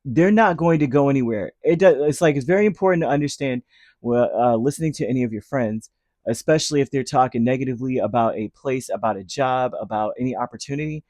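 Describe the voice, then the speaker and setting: A man giving a casual tarot reading, chatty and animated, full of fillers and restarts. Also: medium pitch, quick pace, dry recording, clean studio sound. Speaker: tarot reader.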